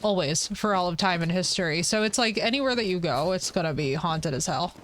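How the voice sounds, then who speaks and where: A woman's voice: on the low side, expressive, fairly quick, slight background noise. Chatty playful woman streaming a game. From United States. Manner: playful, chatty, reads chat aloud, teasing jokes. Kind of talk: casual live gameplay chat.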